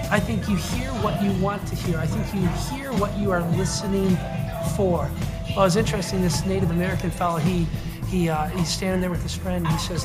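A man preaching a sermon to his congregation, telling stories with emphatic, repetitive phrasing. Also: high-pitched. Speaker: pastor.

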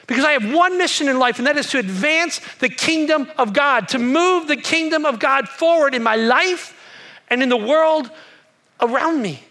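A man in his thirties preaching a sermon in a church auditorium, repeating lines and swinging from hushed to shouted. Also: very high-pitched, normal speed. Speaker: pastor.

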